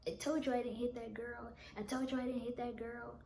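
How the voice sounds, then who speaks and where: A woman acting out an angry young man who shouts accusations and denials in her storytelling vlog, in an echoey room with steady background noise. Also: very high voice, slow pace, creaky, pitched above the performer's own voice, heavily acted. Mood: defensive. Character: angry young male abuser, shouting and denying.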